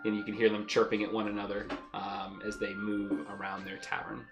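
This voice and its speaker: A man narrating as game master of a tabletop game, relaxed and descriptive with easy fillers. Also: fairly low pitch, fairly quick, over music.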